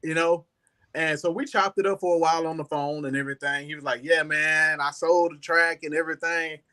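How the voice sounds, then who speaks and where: Guy guesting on a talk show, fairly high, bright and forceful voice, loose rambling storyteller. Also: a little fast. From Southern United States. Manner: rambling, animated, leans on "you know". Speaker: guest musician. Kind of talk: casual storytelling interview.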